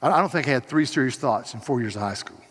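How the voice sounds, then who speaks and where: An older man preaching a sermon, stumbling over restarts as he tells a story quietly, then rising to loud, emphatic proclamation. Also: mid-range voice, lively intonation, quick pace, husky, long reverb tail. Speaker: pastor.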